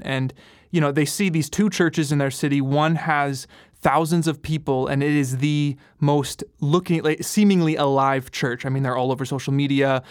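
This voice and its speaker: A man's voice: fairly high pitch, clean tone, no echo, studio quality. A man with a Canadian accent hosting a podcast, asking loose, affirming questions in casual conversation. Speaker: podcast host.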